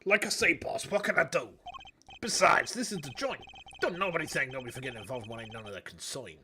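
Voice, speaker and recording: Man doing a gruff Bronx jailbird boxer. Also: a little high, lively intonation, sharp tone, a little hiss or hum, full character voice. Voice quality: thick put-on Bronx accent, gravelly street talk. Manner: streetwise, growling, drawn-out. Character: tough, gruff male prison inmate boxer.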